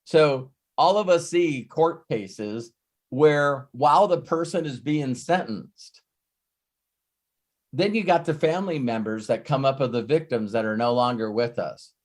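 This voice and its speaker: A male life coach leading a live session. He talks at an everyday middle pitch, circling his point with restarts and repeated words. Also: a little slow.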